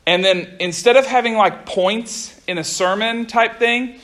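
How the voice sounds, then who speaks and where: A young man giving a casual youth sermon to a group, talking fast and chatty, often stopping to restart his sentences. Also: high-pitched, a bit bright. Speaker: youth pastor. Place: room with a group of listeners.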